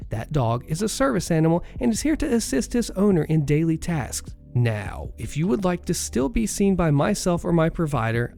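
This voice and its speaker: A man reading a story aloud, voicing a calm but firm woman nurse. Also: fairly high pitch, vocal fry.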